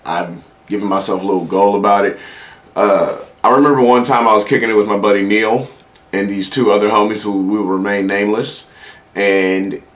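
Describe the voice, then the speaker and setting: A young man with a fairly low voice telling stories in a loose, rambling way. He is a comedian talking alone on his podcast, swearing freely and acting out what people said. His delivery stays relaxed and conversational. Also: normal speed. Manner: profane, laid-back anecdotal delivery with quoted voices. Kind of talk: casual solo podcast storytelling.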